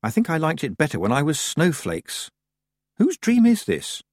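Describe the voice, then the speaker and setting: Man doing a young witch girl, high and earnest, urgent, lively rises and falls, dry close sound. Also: normal speed, no echo. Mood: thoughtful. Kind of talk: audiobook character voice.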